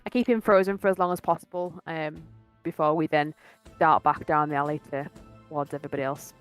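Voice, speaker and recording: A woman's voice: low voice, steady tone, a little fast, smooth, no echo, soft background music. A woman playing in a tabletop game, stating her character's actions in a casual, decisive way. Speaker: player.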